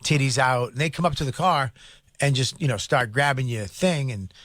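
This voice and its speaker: A man's voice: medium pitch, normal speed, fairly bright tone, no echo. A middle-aged man, co-host of a comedy talk show, telling crude anecdotes in casual chat and acting out the quoted voices.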